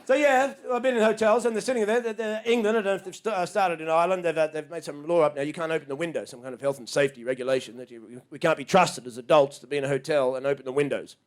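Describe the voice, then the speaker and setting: A man's voice: steady tone, rapid-fire, hardly any pauses. Ranting sweary man doing stand-up. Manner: acts out other people in sudden high shouts. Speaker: stand-up comedian. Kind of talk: stand-up comedy routine. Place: small comedy club stage with a live audience.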